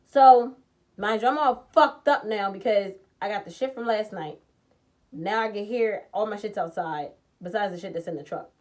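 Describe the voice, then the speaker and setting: A woman vlogger telling a personal story in a blunt, profane, animated way, jumping from loud outbursts to low muttering. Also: normal speed. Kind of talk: casual storytime vlog.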